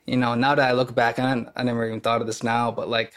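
A man's voice: medium pitch, flat delivery, fast talker, a bit bright. A young man from the US Midwest, an actor talking casually as a podcast guest, rambling with many fillers and restarts. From Kenosha, Wisconsin, US Midwest. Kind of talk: casual conversation.

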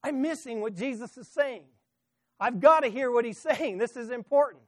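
A man's voice: sits high, animated, takes it slowly, no echo. A male preacher voicing a frustrated man in a vision, pleading and exasperated as he questions.

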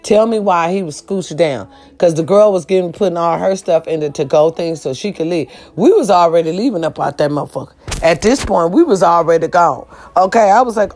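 A woman ranting through a storytime to her followers, loud and profane. She talks straight to her viewers and jumps into big dramatic voices for the people she quotes. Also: mid-range voice, normal speed. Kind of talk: animated storytime rant to camera.

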